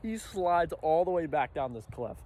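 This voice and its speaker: A young man telling a casual storytime vlog, animated and acting out his own panicked reactions. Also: fairly high pitch, normal speed. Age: young adult. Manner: animated, acts out his own reactions with sudden loud bursts. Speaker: storyteller vlogger.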